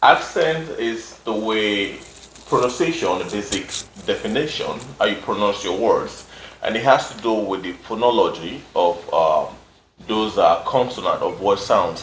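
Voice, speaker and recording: Low-voiced man hosting a talk show. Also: lively intonation. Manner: measured, explanatory, with fillers. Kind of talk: casual discussion. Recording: echoey room with faint noise.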